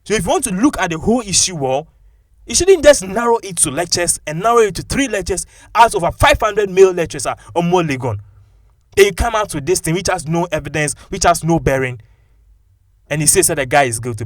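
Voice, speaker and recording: A man with a Ghanaian English accent giving animated, opinionated commentary and mixing local-language phrases into his English. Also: fairly high pitch, fairly quick, no room sound, studio quality.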